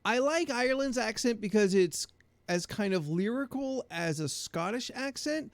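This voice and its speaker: Male podcast co-host, gravelly, higher voice, dry close mic, rambling casual chatter. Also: animated, moderate pace, no room sound. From New Jersey. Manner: rambling, filler-heavy, laughs at own jokes. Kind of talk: casual chat.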